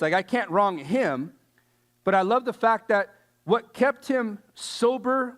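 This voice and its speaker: A man giving a casual sermon, telling stories in an animated, slangy way with lots of fillers. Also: very high voice. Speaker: youth speaker.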